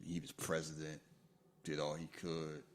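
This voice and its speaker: A man co-hosting a podcast, chatting casually about a movie and jumping into high falsetto voices for its lines. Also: completely flat delivery, a little slow. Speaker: podcast co-host. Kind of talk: casual movie commentary chat.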